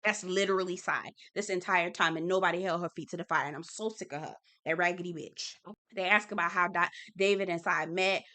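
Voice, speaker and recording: A woman hosting a casual reality TV recap, sassy, emphatic and quick to swear. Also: lowish voice, steady tone, pushed and bright. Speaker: TV recap host.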